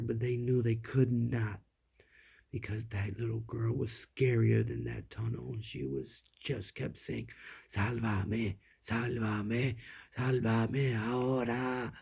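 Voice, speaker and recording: A man spins a scary bedtime story at a crawl, his low voice full of gravelly fry. The tone is dark and very husky, sinking to whispers at the tense parts. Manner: slow, hushed, dropping to whispers for suspense. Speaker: parent telling a bedtime story.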